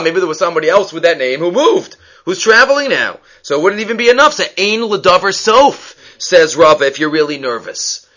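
A man leads a text-study lecture with a bright, forceful tone and a slightly high pitch. He keeps checking in with the listener, asking "right?", and he acts out the people in the stories he tells. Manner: lively, questions the listener with frequent "right?". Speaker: Talmud teacher.

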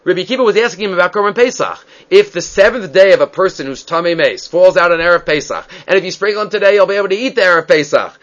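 A man teaching a Talmud class, reading Aramaic texts and explaining them in an animated, searching way. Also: high-pitched, quick pace, hardly any pauses. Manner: animated, acts out quoted rabbis. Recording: dull lo-fi sound.

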